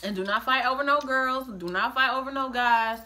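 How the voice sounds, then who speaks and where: Bright, animated storytelling mom. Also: female voice, sits high, a little fast. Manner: animated, acts out quoted voices, breaks into laughter. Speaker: storyteller, the host's mother. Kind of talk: casual storytime chat.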